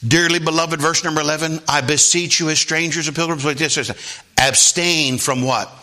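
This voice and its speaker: A male pastor delivering a sermon, swinging between quiet low asides and high, shouted exclamations. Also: fairly even intonation, normal speed. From Philadelphia area.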